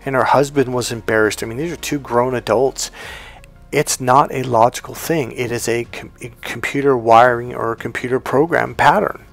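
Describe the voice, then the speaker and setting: A man's voice: mid-range voice, normal speed, vocal fry. Man coaching casually over faint music. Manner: conversational, acts out quoted dialogue. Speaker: life coach. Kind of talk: casual teaching monologue.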